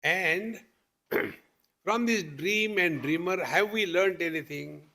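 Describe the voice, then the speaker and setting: A man's voice: high-pitched, slow pace, bright, forceful tone. A man who is a swami teaching at a meditation retreat, giving a patient spiritual discourse with homely examples, questions to the listeners and light humor.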